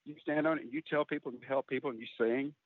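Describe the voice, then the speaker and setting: A sharp-tongued older mother teasing and scolding her grown son, her voice lifted well above the speaker's own, as a man acts her out. The sound is thin and phone-like, with no room around it. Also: a bass voice, steady tone, racing, no echo, pitched above the performer's own voice. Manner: teasing, blunt. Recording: tinny phone-like line, dry.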